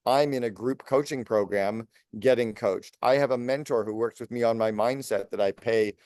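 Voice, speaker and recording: A man in his late fifties, a business coach speaking as a podcast guest, talking fast and energetically in long lists. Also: medium pitch, darkish tone, no room sound, clean studio sound. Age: 50s. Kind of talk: podcast interview.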